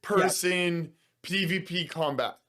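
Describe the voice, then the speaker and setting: A man's voice: sits high, slow, bright, forceful tone. A man hosting a casual podcast chat in an easygoing, encouraging manner. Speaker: podcast host.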